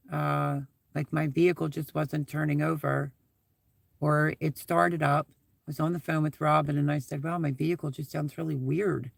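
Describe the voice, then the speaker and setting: Gravelly-voiced man rambling on a live stream. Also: on the high side, no room sound. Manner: rambling, chatty, repeats thanks. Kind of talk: casual live-stream chat, reading viewer comments.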